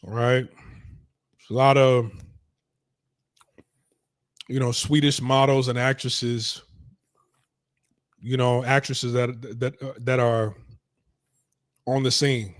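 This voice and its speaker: A man's voice: mid-range voice, level tone, slow, pauses often, no room sound, studio quality. A young man giving casual reaction commentary as a show host, blunt, profane and dismissive. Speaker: streaming talk show host.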